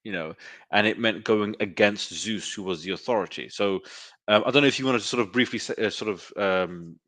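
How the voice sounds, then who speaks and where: A man with a low voice hosts an interview and works through his ideas with many hesitant fillers. The sound is close and dry. His tone is thoughtful and conversational. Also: fairly bright tone, no echo. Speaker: host.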